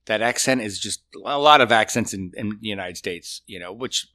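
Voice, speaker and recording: A man talking as a guest in a casual podcast chat, telling stories and mimicking accents in quick asides. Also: lowish voice. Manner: lively storyteller, mimics accents. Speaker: guest butcher.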